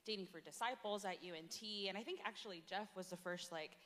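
A woman's voice: mid-range voice, fast, fairly bright tone, big-room sound. A young woman giving a chatty, casual talk at a retreat, full of fillers and laughter. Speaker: campus ministry speaker.

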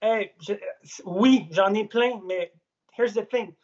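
A man's voice: sits high, takes it slowly. A man with a Quebec French accent, joining by phone as a guest and chatting casually, slipping between French and English mid-sentence. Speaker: remote guest. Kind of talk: casual bilingual chat. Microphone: phone on a gimbal. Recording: muffled phone audio.

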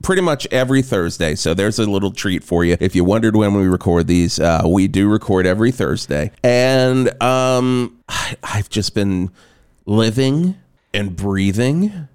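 A man co-hosting a rock music podcast, talking in an animated, jokey, swearing casual chat. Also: on the low side, unhurried, clean tone. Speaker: radio podcast co-host.

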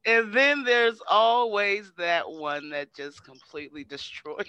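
A man's voice: sits high, expressive, unhurried, sharp tone, smooth, lo-fi sound. A man co-hosting a casual music reaction chat, joking and laughing easily.

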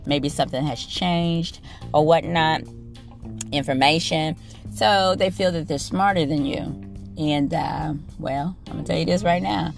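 Gravelly low-voiced woman ranting. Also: normal speed, music in the background. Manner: blunt, profane, sassy asides to listeners. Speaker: nurse. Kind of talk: casual storytelling rant.

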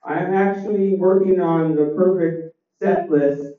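A man doing a deadpan stand-up set with one-liners and crowd chat, his voice a little crackly, on a small club stage. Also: high voice, unhurried. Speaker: stand-up comedian. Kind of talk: open mic stand-up set. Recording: roomy, distant, dull club recording.

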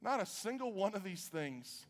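A pastor preaching a sermon in a church, animated and self-mocking, swinging from quiet asides to loud bursts. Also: male voice, high voice, moderate pace, faint music behind. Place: church hall. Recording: live hall with long reverb.

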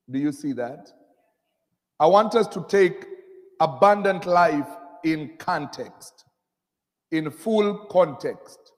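A man preaching a sermon, reading scripture slowly and drawing responses from the congregation. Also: on the high side. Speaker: pastor. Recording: long hall reverb.

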